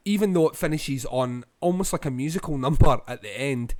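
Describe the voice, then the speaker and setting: A Scottish man co-hosting a podcast, giving a rambling film review full of ums and pauses. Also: medium pitch, expressive, a little mellow, no room sound. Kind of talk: casual film review chat.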